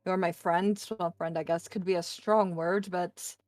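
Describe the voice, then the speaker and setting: A woman playing a tabletop game, speaking in character with halting, hesitant phrasing. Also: fairly low pitch, fairly even intonation, a little mellow, dry recording, soft background music. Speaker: player. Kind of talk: casual in-character role-play.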